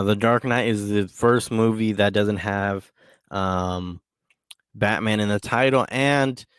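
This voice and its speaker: A man talking on his own podcast in a lowish voice, recorded close and dry with no room sound. He rambles casually, full of ums and restarts. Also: clear, resonant tone, no echo. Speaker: podcast host. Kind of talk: casual solo monologue.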